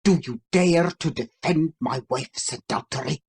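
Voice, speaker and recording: A furious, jealous husband spits out insults in a slow, heavy delivery, as an audiobook reader puts him on. His voice is husky and strained with rage, from a storybook reading. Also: medium pitch, darkish tone. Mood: enraged. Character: enraged jealous husband, middle-aged man.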